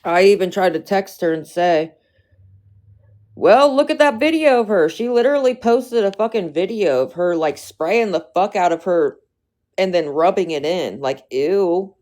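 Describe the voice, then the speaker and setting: A woman's voice: fairly low pitch, moderate pace, warm tone. A young woman livestreaming, talking casually to her chat and venting with plenty of swearing.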